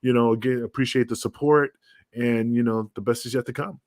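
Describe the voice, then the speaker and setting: A man's voice: medium pitch, fairly even intonation, brisk, a little mellow, no room sound, studio quality. A man co-hosting a wrestling talk show, talking casually and stammering as he rambles. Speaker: co-host. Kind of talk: casual chat.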